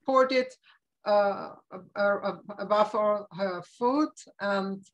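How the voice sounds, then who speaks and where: Woman host from Austria, mid pitch; halting, word-searching delivery. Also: dull audio. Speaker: host, horse owner. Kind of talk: casual conversation.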